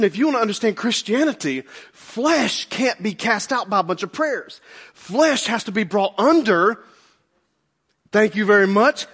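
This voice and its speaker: A man's voice: high voice, fairly bright tone. A male pastor delivering a conversational, emphatic sermon with humor and rhetorical questions.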